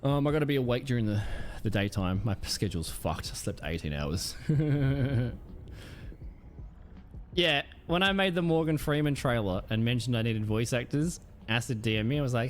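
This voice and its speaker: A man's voice: mid-range voice, moderate pace, a little hiss or hum. A man chatting casually on a live stream, rambling with lots of ums and swearing. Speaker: Twitch streamer.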